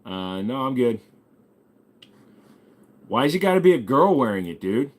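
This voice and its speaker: A man's voice: medium pitch, sing-song, moderate pace. A young man hosting a laid-back livestream, reading viewer comments aloud and answering with crude, swear-heavy jokes. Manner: joking, crude, swears often, talks to chat. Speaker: livestream host.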